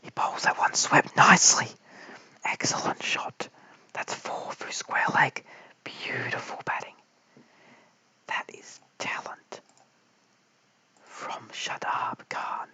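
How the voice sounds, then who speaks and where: A man's voice: slow, pauses often, dry recording, rough recording. Whispering Australian man calling cricket. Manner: hushed, apologetic, chats with viewers between balls. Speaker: live stream cricket commentator. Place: at home late at night. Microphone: held very close to the mouth.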